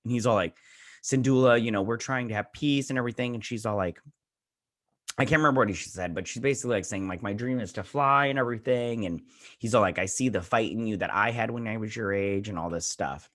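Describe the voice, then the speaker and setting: A man's voice: on the low side, quick pace, a bit bright. A man hosting a review show, recapping an episode in a loose, rambling way full of fillers and paraphrased quotes.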